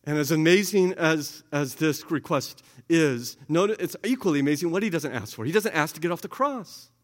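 A man preaching a sermon as pastor, earnest, rising high and loud at the big points and dropping soft and slow for quoted words. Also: lively intonation. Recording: long reverb of a large hall.

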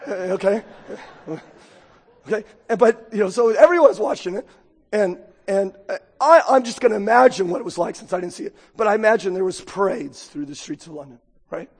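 A man's voice: sits high, lively intonation, a little fast, breathy edge. A man preaching a sermon as pastor, chatty and joking, often asking the congregation "right?". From United States. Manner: conversational, joking, keeps asking the crowd "right?". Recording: long hall reverb.

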